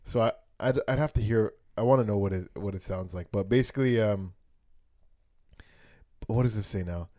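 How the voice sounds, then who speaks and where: Low-voiced man reading facts in casual chat. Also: moderate pace, pauses often, a little mellow, no echo, clean studio sound. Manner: reads history facts aloud, swears casually, hesitant fillers. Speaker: podcast co-host.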